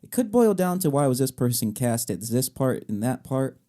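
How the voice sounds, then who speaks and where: A young man co-hosting a podcast, talking in an easy, casual way. He is animated and jokey, and his voice sits in a mellow, warm register at a middle pitch. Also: normal speed. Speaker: podcast co-host. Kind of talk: casual chat.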